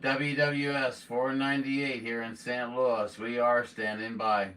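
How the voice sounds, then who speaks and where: A man working as an amateur radio operator, calling for contacts and drawing out his call signs slowly. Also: mid-range voice, little pitch movement, a bit bright. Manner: slow, drawn-out call signs. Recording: voice a bit far from the mic, faint hiss.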